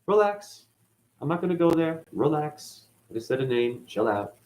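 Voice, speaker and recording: Man, rambling spiritual monologue, swearing, lively swooping pitch, muttered asides and sudden excited bursts. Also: fast, poor audio. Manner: profane, swings between mutters and excited bursts. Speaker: spiritual video host.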